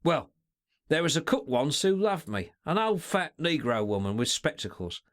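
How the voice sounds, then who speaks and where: In a storybook reading, a man voices a sly, stealthy male secretary whose lines come out slangy, sneering, and drawn-out. The voice is a little high and sing-song, with a scornful mood.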